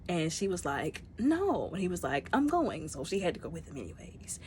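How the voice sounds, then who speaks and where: A woman's voice: sits low, fast, a little hiss or hum. A woman giving a casual spoken movie review, retelling scenes and acting out the characters' lines.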